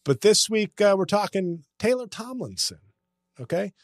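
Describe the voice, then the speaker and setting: A man's voice: sits high, big pitch swings, normal speed, dry recording, studio quality. Sarcastic man ranting on a podcast. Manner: sarcastic, ranting, self-mocking. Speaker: comedian podcast host. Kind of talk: casual comedy podcast chat.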